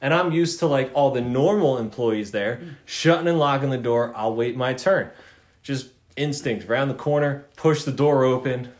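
A man's voice: medium pitch, moderate pace. A young man telling a story in casual chat, swearing and acting out the voices in it.

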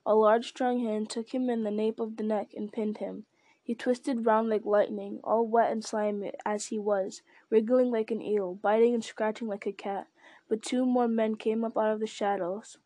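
A woman narrating a story in a steady, measured reading. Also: on the high side, no echo. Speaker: audiobook narrator. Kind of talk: scripted narration.

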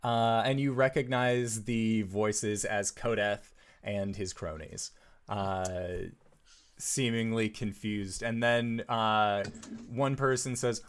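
A man narrating a tabletop game as game master, slow and relaxed with many pauses. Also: lowish voice, smooth.

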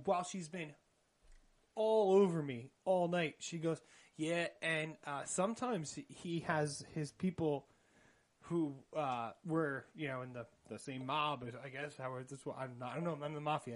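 A young man telling an awkward dating story in a casual podcast chat, animated and often laughing. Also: a little high, moderate pace. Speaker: podcast co-host.

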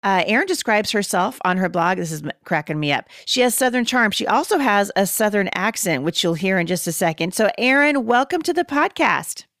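Woman host, Pacific Northwest American accent, upbeat chatty podcast read, smooth tone, dry close mic. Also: medium pitch, animated, fairly quick, few pauses, fairly bright tone, dry recording. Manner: upbeat, chatty, laughs often. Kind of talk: casual podcast chat.

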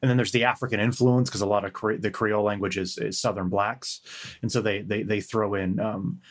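A deep-pitched man with a Western American accent talks loosely on a podcast. He wanders through his points with plenty of ums and swearing. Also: fairly even intonation, brisk. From United States. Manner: rambling, full of fillers and profanity. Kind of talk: casual chat.

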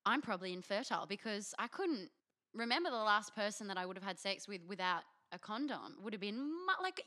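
A woman's voice: mid-range voice, sing-song, brisk, bright, forceful tone. A young Australian woman telling a frank, self-mocking story as a podcast co-host. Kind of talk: candid storytelling chat.

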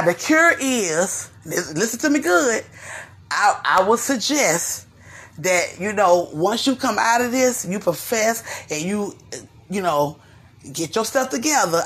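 A woman host, giving sassy, animated gossip commentary straight to her listeners. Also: mid-range voice, husky.

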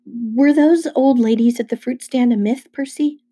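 A woman's voice: on the high side, steady tone, normal speed, mellow, husky, pitched above the performer's own voice. A woman voicing a jittery teenage satyr boy, half goat, who blurts things out defensively. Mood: uneasy.

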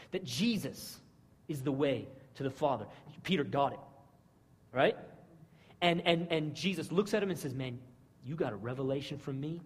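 Preacher, male, high and very lively voice, husky edge; casual sermon in a hall with long reverb. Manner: animated, slangy, keeps asking "right?".

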